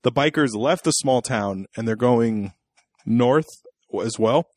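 A man co-hosting a movie review podcast, talking in an easy, sarcastic way in a mid-pitched voice. The sound is close and dry, with no room around it. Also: slow pace, darkish tone, no echo. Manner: conversational, sarcastic, laughs often. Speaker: podcast co-host. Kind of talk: casual movie review chat.

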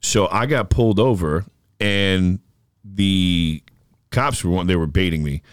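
Deep-voiced man in casual chat. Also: slow pace, smooth, no echo, studio quality. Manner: reactive, blunt, swears. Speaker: podcast co-host.

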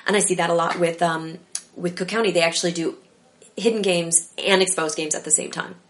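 Female improviser guest, slightly low register, energetic and rambling. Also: fairly quick. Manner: animated, rambling, lots of fillers. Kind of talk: casual interview chat.

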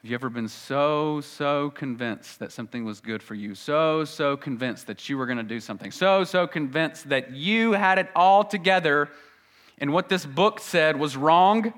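A male pastor preaching a sermon, swinging between loud emphasis and quiet asides. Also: a little high, moderate pace.

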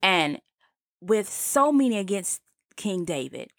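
A woman's voice: mid-range voice, very animated, slow, no echo, studio quality. A woman giving a conversational Bible teaching, reading scripture aloud and explaining it with plenty of fillers and restarts.

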